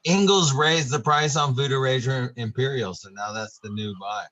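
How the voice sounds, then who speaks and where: A man playing in a tabletop game over an online call, asking quick rules questions and chatting casually. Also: mid-range voice, a bit bright, dry recording. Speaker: player.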